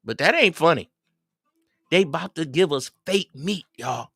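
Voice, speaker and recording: Lively, rambling man chatting on stream. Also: fairly high pitch, measured pace, heavy background noise. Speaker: livestream host. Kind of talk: casual chat with viewers.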